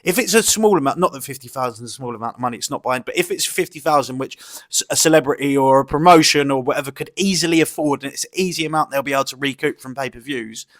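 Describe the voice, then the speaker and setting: A man's voice: medium pitch, fast talker, hardly any pauses, a bit bright. A man giving a mocking, exasperated commentary rant, swearing and laughing often. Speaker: YouTube commentator. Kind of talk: ranting commentary vlog.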